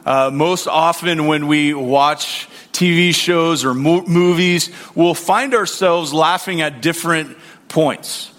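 A pastor in his forties delivers a church sermon, praying and sharing anecdotes in a conversational style packed with fillers and repeated words. His voice is a little high and fairly bright, with fairly even intonation and an unhurried pace. A long hall reverb surrounds the recording.

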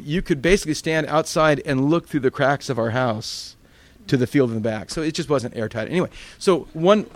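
A man's voice: a little high, no echo. A man preaching as a pastor, telling funny stories and acting out the voices of the people in them. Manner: animated, acts out voices in his stories. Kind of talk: storytelling sermon.

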